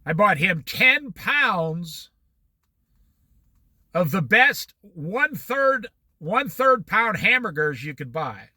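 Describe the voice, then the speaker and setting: A man's voice: high-pitched, big pitch swings, takes it slowly, sharp tone, no room sound. A man giving a motivational talk in a folksy way, repeating his points for emphasis. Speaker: speaker.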